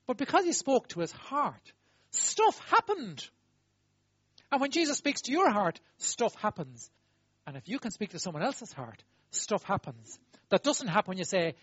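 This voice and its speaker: A man preaches a sermon at normal speed, his husky, lively voice ranging from high to low as he swings emphatically from loud exclaiming to soft asides. The audio is dull, lo-fi and dry, with no room sound.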